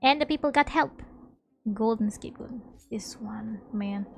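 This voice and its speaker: Female streamer, high voice, animated play-by-play with faint background music. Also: a little slow, vocal fry. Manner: animated, laughing, sudden loud outbursts. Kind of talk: casual gameplay commentary, reading dialogue aloud.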